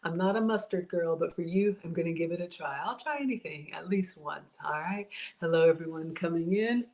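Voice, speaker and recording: A woman with a low-leaning, darkish voice hosts a home cooking livestream from her kitchen, talking fairly quickly. She chats casually, reads viewer comments aloud, thanks people by name, and often says "y'all." She records on a camera.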